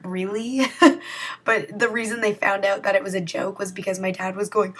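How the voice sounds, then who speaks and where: A woman's voice: mid-range voice, flat delivery, a little fast, a bit bright. Young woman rambling on her vlog, chatty, pokes fun at herself. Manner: chatty, rambling, self-mocking. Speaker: vlogger. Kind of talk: casual vlog chat to camera.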